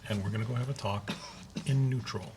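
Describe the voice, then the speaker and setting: A man plays a cold male vampire in a tabletop game, handing out orders in short, clipped lines. The voice sits low, and steady hiss runs under the noisy home recording. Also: fairly quick, lightly acted. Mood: menacing. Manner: curt, commanding threats.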